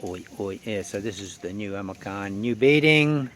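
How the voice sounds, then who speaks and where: A man with an Australian accent chatting casually outdoors, relaxed and rambling with frequent ums. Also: fairly low pitch, normal speed. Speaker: vlogger. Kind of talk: casual outdoor vlog chat. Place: outdoors under a tree.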